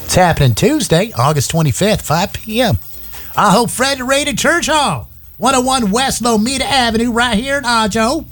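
A radio host putting on an exaggerated folksy Southern drawl to read a local ad. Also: male voice, very high-pitched, lively intonation, normal speed, a bit bright, soft background music, pitched above the performer's own voice. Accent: put-on Southern US. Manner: hammy, sing-song, folksy.

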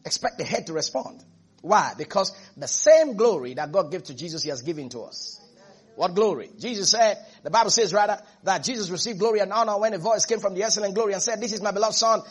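A man preaching a sermon as pastor, emphatic and repetitive, now and then rising to shouts. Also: sits high, animated, fairly quick, breathy edge.

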